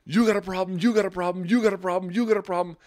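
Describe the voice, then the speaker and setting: A man's voice: high voice, fairly even intonation, racing, a little mellow, pitched above the performer's own voice, lightly acted. A man voicing a hot-tempered confrontational man who repeats himself aggressively. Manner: repetitive, aggressive.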